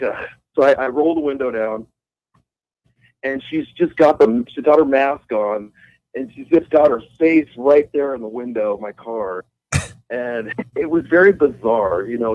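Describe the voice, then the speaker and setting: Rambling man telling a story over a muffled line. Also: mid-range voice. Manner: rambling, swears freely, laughs through the story. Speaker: guitarist calling in as guest. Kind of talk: casual storytelling over the phone. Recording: muffled call-in phone line.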